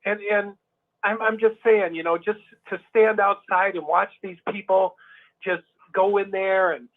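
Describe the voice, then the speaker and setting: Over a tinny phone line, a male guest talks casually but with heat, often restarting his sentences. His voice is high-pitched with fairly even intonation and a measured pace, and his manner is emphatic and heated.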